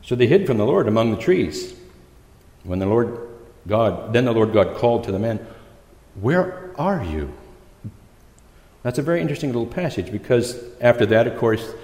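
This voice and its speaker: A man giving a conversational sermon as a visiting preacher, pausing and restarting often as he talks. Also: medium pitch, lively intonation, dark tone. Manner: conversational, halting, with many restarts. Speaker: guest preacher. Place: church. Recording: echoey church hall.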